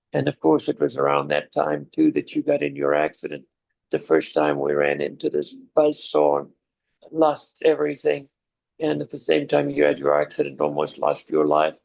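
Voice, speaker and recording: A man's voice: mid-range voice, creaky, darkish tone. An older man telling a heartfelt story to his son, reflective and at times choked up. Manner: reflective, chokes up and laughs through tears. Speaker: father sharing life lessons.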